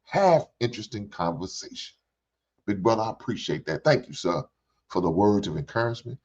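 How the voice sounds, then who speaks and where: With a lowish, sing-song voice at a slightly fast clip, an older man hosts a reaction show. His ranting commentary is blunt and full of profanity, with preaching in repeated phrases. The recording is dull and lo-fi.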